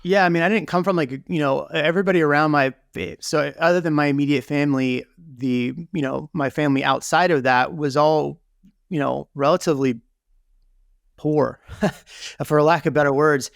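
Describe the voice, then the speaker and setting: Interview guest, male, gravelly tone, candid and chatty, dry sound. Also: on the high side, fairly even intonation, normal speed, dry recording. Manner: candid, lots of fillers like "you know" and "right?". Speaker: real estate team leader, guest. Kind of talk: conversational interview storytelling.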